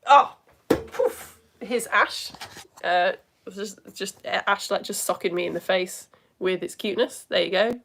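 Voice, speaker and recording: A woman from the UK greeting young viewers by name during a live-streamed lesson, swinging between excited hellos and quiet asides. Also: medium pitch, a little slow.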